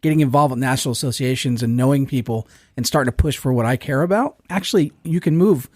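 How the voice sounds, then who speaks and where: A middle-aged man on a podcast panel who talks quickly and earnestly, pushing his point. His voice sits in the middle range. The recording is dry and close. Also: mid-range voice, a little mellow, no room sound. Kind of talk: casual chat.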